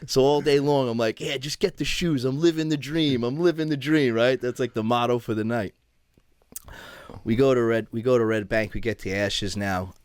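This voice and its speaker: A man's voice: mid-range voice, moderate pace, clean tone, no echo. New man telling wild stories. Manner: animated, acts out voices in his stories. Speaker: podcast guest. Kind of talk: casual storytelling.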